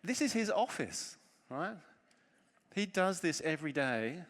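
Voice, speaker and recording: A man giving a conference talk, telling a self-deprecating story with lively humor from the stage. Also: a little high, measured pace. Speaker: conference speaker. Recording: long reverb of a large hall.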